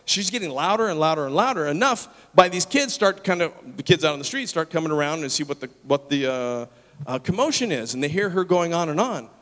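Animated preacher in an echoing hall. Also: male voice, fairly high pitch, brisk. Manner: animated, acts out the people in his story. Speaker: pastor. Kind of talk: sermon storytelling. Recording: long reverb of a large hall.

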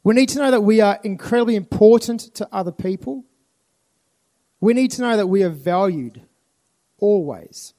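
This youth festival speaker has a high, dark voice with lively intonation, a normal pace, and long pauses. He addresses a live audience with an earnest motivational message, repeating phrases for emphasis.

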